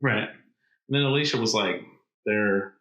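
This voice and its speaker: A man with a bright, forceful voice trades dry, absurd jokes in loose podcast banter. He sounds like he is in an echoey room. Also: mid-range voice, expressive, moderate pace, muffled recording. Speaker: podcast co-host. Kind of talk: casual banter.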